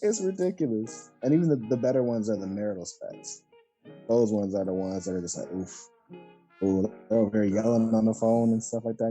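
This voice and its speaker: A podcast co-host in casual chat, telling lively stories and acting out callers. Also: medium pitch, fairly quick, faint music behind. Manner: animated storyteller acting out callers. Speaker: former call center agent.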